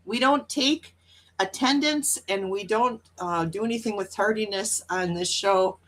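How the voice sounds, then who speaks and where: A woman's voice: mid-range voice, measured pace, a bit bright. Chatty woman host. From Wisconsin, US. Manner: chatty, upbeat, with frequent laughs. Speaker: livestream host reading chat. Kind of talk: casual morning livestream chat.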